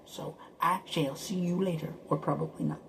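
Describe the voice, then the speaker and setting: A man's voice: fairly high pitch, fairly even intonation, moderate pace, vocal fry, fairly bright tone, slight background noise, low-quality recording. A man talking to camera in a rambling, casual monologue, often repeating and stuttering over words and now and then dropping to a whisper. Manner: drops to whispers at times. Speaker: vlogger.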